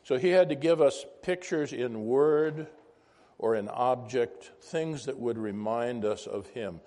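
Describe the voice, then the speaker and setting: Brief: male Bible teacher, casual and chatty, mid-pitched voice, quizzes the room. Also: a little slow, warm tone. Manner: conversational, asks the class questions, wanders into asides. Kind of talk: informal Bible class teaching.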